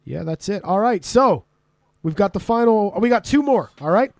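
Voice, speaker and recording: A man's voice: high-pitched, expressive, moderate pace, vocal fry, a little mellow, dry recording, clean studio sound. A man from Canada hosting a casual podcast, laughing often and swearing freely as he quizzes his guest. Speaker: podcast host. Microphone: remote call.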